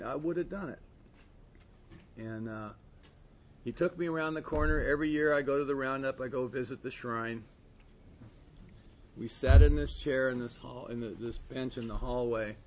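A man's voice: mid-range voice, darkish tone, slight background noise. A man speaking candidly and conversationally at a recovery meeting, rambling with frequent asides. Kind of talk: personal testimony talk.

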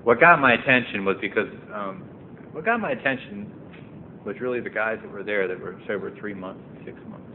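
A fairly quick man with a lowish voice recounts his recovery at a meeting. This testimony talk grows from earnest to emphatic and impassioned, recorded in a meeting room with a tinny, phone-like quality and faint noise.

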